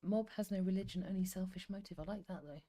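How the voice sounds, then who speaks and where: A woman's voice: mid-range voice, fast, mellow. A woman in her fifties from England, co-hosting a livestream in a chatty, rambling way and often laughing, who reads stories aloud. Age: 50s. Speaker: co-host reading stories. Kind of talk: casual livestream chat and story reading.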